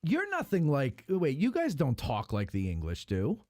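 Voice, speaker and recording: A man hosting a casual chat, teasing his guests and laughing often. His pitch swings up and down as he jokes. The sound is dry and close, with no room echo. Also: huge pitch swings, moderate pace, darkish tone. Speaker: host.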